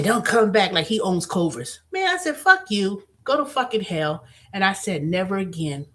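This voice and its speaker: A woman hosting her own channel, telling a story in a casual, animated monologue with blunt, profane language. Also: mid-range voice. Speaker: host.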